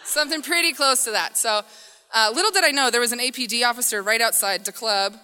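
A woman telling a funny personal story on stage to an audience, animated and self-mocking, acting out the voices in it. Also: on the high side, quick pace, slight background noise. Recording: hall reverb.

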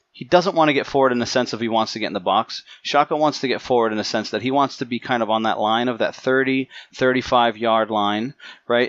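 A man's voice: medium pitch, fairly bright tone, dry recording. Guy explaining football tactics on a podcast, muffled dry sound. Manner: analytical, explains at length with fillers. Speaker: podcast co-host. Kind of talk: casual football podcast chat.

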